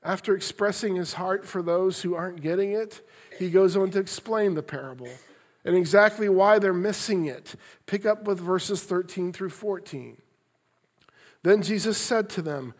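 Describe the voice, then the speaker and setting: A male pastor preaching a sermon, earnest and expressive, moving between loud emphasis and soft, tender passages. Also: high-pitched, normal speed.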